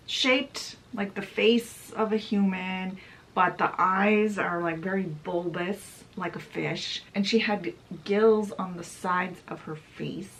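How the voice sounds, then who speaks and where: A woman's voice: on the low side, a bit bright, rough recording. A woman casually retelling a book's story, chatty and full of fillers. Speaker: book channel host. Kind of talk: casual book summary retelling.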